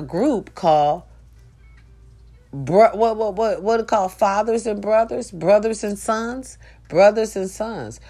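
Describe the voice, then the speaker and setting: Still in her early morning voice, a woman with a medium pitch hosts a casual morning talk for her followers. She preaches bluntly as the show's host, using profanity and call-and-response phrases.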